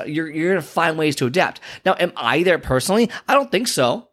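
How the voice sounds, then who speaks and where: A fitness coach, a man, talks with an earnest, emphatic drive, circling back to the same points again and again. His voice sits a little above the usual male pitch. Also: big pitch swings, a little fast, a bit bright. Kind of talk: motivational talk.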